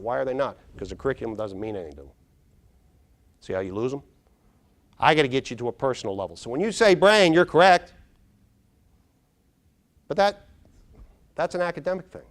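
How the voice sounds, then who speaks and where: Animated middle-aged man giving a keynote. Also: mid-range voice, a little fast, pauses often. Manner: animated, quizzes the audience, acts out scenes. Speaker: neuropsychologist speaker. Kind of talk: conference keynote talk. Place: large conference hall.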